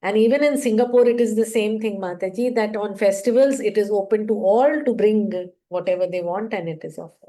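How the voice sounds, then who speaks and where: A woman in a scripture class responds to the teacher with a mid-pitched, mellow, warm voice. She speaks earnestly and politely, with frequent fillers as she gathers her thoughts. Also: a little fast, hardly any pauses, rough recording. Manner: earnest, uses polite address, trails into fillers. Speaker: class participant. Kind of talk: conversational discussion.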